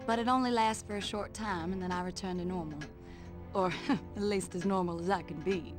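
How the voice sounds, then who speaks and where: A woman's voice: on the low side, fairly even intonation, brisk, lightly acted. Rogue, a woman voicing a drawling Southern mutant. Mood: playful. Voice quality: drawling, teasing, endearments like sugar and honey. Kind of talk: video game dialogue. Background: game music.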